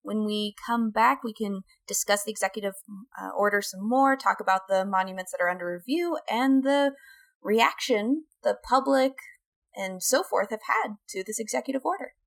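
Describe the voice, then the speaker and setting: A woman's voice: medium pitch, moderate pace. A woman hosting a podcast, steadily moderating the discussion and giving informative details. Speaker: podcast host.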